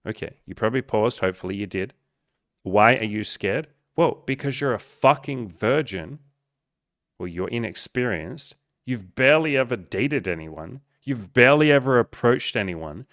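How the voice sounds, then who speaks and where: A man's voice: medium pitch, animated, normal speed, fairly bright tone, dry recording, clean studio sound. A man who coaches on dating, talking bluntly and emphatically with lots of swearing as he answers a viewer.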